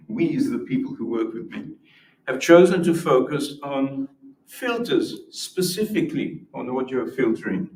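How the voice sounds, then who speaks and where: A man presents at a symposium, giving an academic lecture with demonstrations in a slightly high, slightly mellow voice. He explains patiently and often restarts his words. The recording is distant, with roomy echo.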